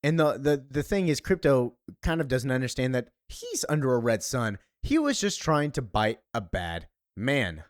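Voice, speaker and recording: A man recapping a comic book story in a casual, animated way. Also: mid-range voice, normal speed, hardly any pauses, no echo, clean studio sound.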